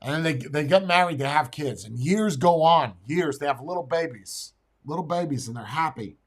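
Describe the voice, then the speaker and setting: A man's voice: on the high side, lively intonation, moderate pace. A man co-hosting a casual talk show, blunt in his opinions, who repeats words and stammers as he tells a long story.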